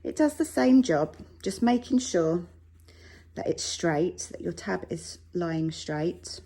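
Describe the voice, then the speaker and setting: Speaking slowly and expressively in a low, mellow, husky voice, a woman works through a sewing tutorial at home. Her relaxed talk is chatty and reassuring, sprinkled with jokes at her own expense.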